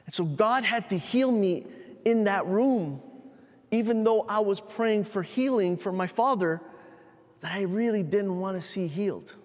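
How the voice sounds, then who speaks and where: A man with a high voice preaches a sermon, telling a personal story in a halting, heartfelt way and often restarting his sentences. His voice rings with long reverb in a large hall. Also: darkish tone. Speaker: pastor.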